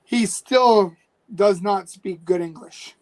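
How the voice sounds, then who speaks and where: A man co-hosting a podcast in casual chat, who speaks haltingly with frequent restarts. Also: high-pitched, darkish tone. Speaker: podcast co-host.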